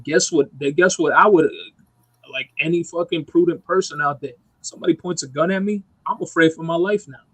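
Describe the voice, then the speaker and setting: A man's voice: fairly high pitch, fairly quick, fairly bright tone, breathy edge, dry recording, rough recording. Ranting, profane man on a podcast. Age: adult parent. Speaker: podcast co-host. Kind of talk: heated casual chat.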